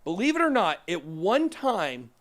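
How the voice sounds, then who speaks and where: A man's voice: high-pitched, big pitch swings, measured pace, fairly bright tone. A man in his thirties hosting a casual crypto show, rambling through price charts with joking, self-deprecating asides. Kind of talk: casual chat over live price charts.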